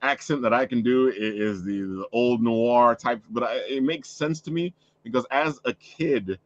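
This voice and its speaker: A man's voice: medium pitch, moderate pace, dry recording, highs cut off. Rambling, laughing male podcast host. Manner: rambling, with frequent restarts and laughter. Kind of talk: casual chat.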